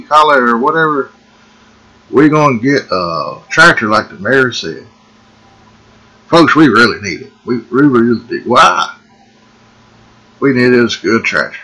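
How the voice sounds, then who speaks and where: A man giving folksy, excitable gameplay commentary and calling the viewers folks. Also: mid-range voice, low-quality recording. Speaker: gaming video host. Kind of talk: casual let's-play commentary.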